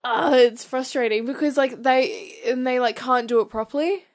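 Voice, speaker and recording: A woman's voice: high-pitched, moderate pace. A woman from New Zealand with a Kiwi accent, chatting casually as a podcast co-host, often trailing off and giggling. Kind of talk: casual chat.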